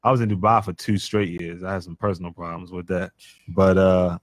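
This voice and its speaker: Low-voiced laid-back man, dry close sound. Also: little pitch movement, brisk, no echo. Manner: laid-back, rambling, many fillers and restarts. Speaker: guest, professional basketball player. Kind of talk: casual podcast conversation.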